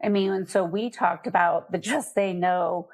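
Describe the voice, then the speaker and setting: A middle-aged woman from Colorado, a guest on an interview, telling candid, lively stories from her life. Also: fairly low pitch, moderate pace. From Colorado, USA. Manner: candid, lively anecdotes with laughter. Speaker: guest, nonprofit foundation CEO. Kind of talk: conversational storytelling.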